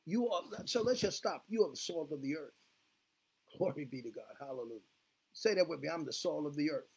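A man's voice: on the high side, lively intonation, brisk, creaky, breathy edge. A man preaching a sermon as pastor, fervent, leading the congregation in call-and-response. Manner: fervent, repeats "glory be to God, hallelujah" with call-and-response.

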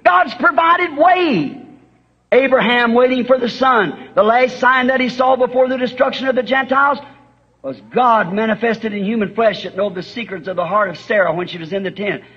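A man with a high, husky voice preaches with fervent, impassioned conviction, his words climbing into urgent cries. He sounds like an old-time revival preacher in a church. The sound is muffled and dull, like an old tape recording of a sermon. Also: fairly even intonation, brisk, fairly bright tone.

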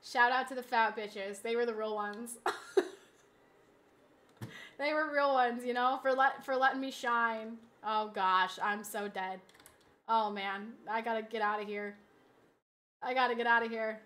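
A woman streaming a game live, bantering playfully with chat and reacting quickly to the action. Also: fairly high pitch, steady tone, sharp tone.

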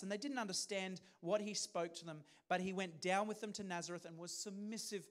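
High-voiced male preacher. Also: steady tone, brisk, hardly any pauses. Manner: conversational preaching with questions to the congregation. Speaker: pastor. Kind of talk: sermon.

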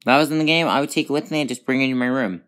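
A woman hosting a gaming channel, talking through gameplay in a rambling, excitable way with sudden high outbursts. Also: rapid-fire. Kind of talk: casual gameplay commentary.

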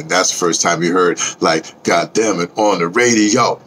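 A man's voice: low-pitched, moderate pace, few pauses, fairly bright tone, slight background noise. A man talking casually and rambling in a vlog, chatting about music and his day. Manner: rambling, chatty, sings along to a record. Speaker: vlogger.

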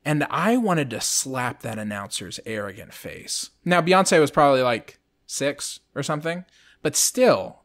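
A man's voice: a little high, very animated, a little slow. A man co-hosting a podcast, chatting casually in a rambling, jokey way. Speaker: podcast co-host. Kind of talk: casual chat.

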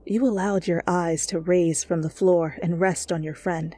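Slow, husky woman narrating a whispered role-play. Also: on the low side, steady tone. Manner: hushed, deliberate storytelling. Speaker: fanfiction reader.

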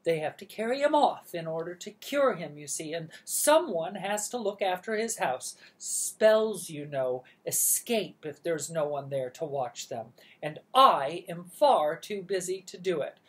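A woman voicing a rich, bossy elderly great-aunt who issues orders in a loud, haughty way. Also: fairly low pitch, animated, measured pace, few pauses. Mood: imperious.

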